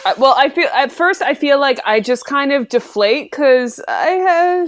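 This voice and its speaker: A woman's voice: on the high side, expressive, a little slow, few pauses. A woman player in a tabletop role-play game, talking in a rambling, giggly way with many restarts. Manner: rambling, giggly, self-interrupting.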